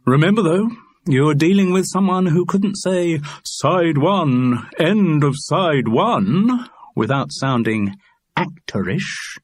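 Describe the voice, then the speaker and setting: A man's voice: a little high, animated, slow, dry recording, clean studio sound, voice pushed up. A man voicing a wry, grumbling middle-aged male actor in an audiobook.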